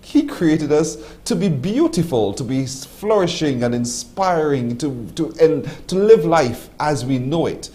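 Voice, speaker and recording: A man's voice: on the high side, animated, a little slow, hardly any pauses, mellow. Man hosting, preaching-style reflections. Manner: reflective, sermon-like summaries, frequent affirmations. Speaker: morning show host. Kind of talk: TV interview. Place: TV studio.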